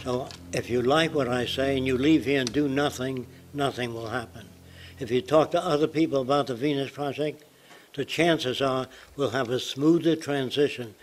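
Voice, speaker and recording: A man's voice: mid-range voice, normal speed, a little hiss or hum, poor audio. Blunt elderly man lecturing. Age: 90s. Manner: blunt, provocative. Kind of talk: public lecture.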